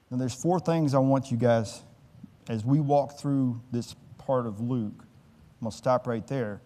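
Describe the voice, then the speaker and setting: A man preaching a sermon as a pastor, in a conversational, folksy way, with lively voices for the people in his stories. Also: mid-range voice. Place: church sanctuary. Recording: long church hall reverb.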